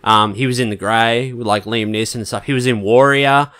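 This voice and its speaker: Bright-voiced man rambling through a film review. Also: mid-range voice, steady tone, a little fast, clean tone. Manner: rambling, filler-heavy, swears casually. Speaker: podcast co-host. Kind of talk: casual film review chat.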